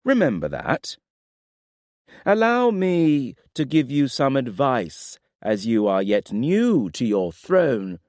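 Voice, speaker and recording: A man voicing a proud, stern king who speaks in a forceful, clipped, lecturing way. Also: mid-range voice, big pitch swings, takes it slowly, no echo, clean studio sound, voice pushed up.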